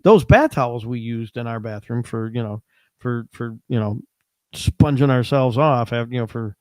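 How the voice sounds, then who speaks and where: A man's voice: medium pitch, moderate pace, darkish tone, no room sound. A man co-hosting a podcast, chatting casually and rambling with lots of restarts. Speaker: podcast co-host. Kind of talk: casual chat.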